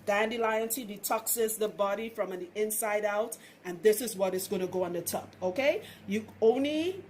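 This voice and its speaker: A woman's voice: medium pitch, moderate pace, darkish tone, a little hiss or hum. Chatty Trinidadian woman giving hair tips. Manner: chatty, frank, laughs often. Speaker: loctician. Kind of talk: casual how-to vlog.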